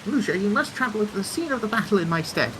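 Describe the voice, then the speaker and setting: An eager, formal airship engineer with a put-on accent and a raised, lively voice, as a man reads him out. The delivery is a little pompous. A steady hiss sits behind the voice. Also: high-pitched, fast talker, pitched above the performer's own voice. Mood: concerned. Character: earnest male airship engineer with an odd accent.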